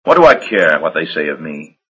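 A man voicing a cold, commanding male vampire master who speaks in a silky, unhurried, menacing way. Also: extremely low pitch, sing-song, sharp tone, slightly rough, lo-fi sound, heavily acted. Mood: cold menace.

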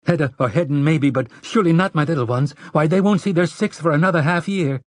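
A man's voice: a little high, fast talker, no echo, studio quality, voice pushed up, natural voice. A man voicing a frantic rustic farm mother. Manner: pleading, sharp, rustic dialect. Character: frantic frontier farm mother, middle-aged woman. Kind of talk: audiobook character voice.

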